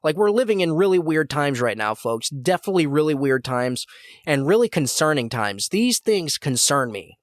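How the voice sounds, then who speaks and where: A man's voice: on the high side, very animated, normal speed, no room sound, clean studio sound. A man hosting a podcast, delivering a heated, repetitive political commentary monologue. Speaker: podcast host.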